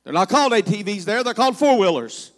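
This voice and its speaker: Folksy high-voiced pastor with a southern West Virginia accent. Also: male voice, very animated, quick pace, fairly bright tone. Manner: folksy storytelling, playful asides to the congregation. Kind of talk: humorous sermon. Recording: reverberant church hall.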